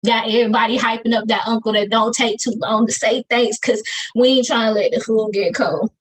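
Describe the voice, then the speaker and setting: A woman's voice: fairly high pitch, fairly even intonation, fairly quick, slightly rough, poor audio. A woman with a Southern US accent performing her own spoken-word poetry over a video call, with a rhythmic, emphatic delivery and Southern slang. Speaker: poet.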